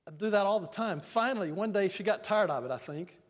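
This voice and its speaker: An older man, a pastor, preaching a sermon in a folksy storytelling way and slowing down for emphasis. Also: high voice. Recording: long reverb of a large hall.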